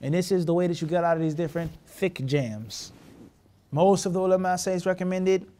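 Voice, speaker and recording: High-voiced man teaching a hadith class. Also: a little fast, warm tone. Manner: asks the class rhetorical check questions; mixes Arabic terms into English. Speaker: Islamic teacher.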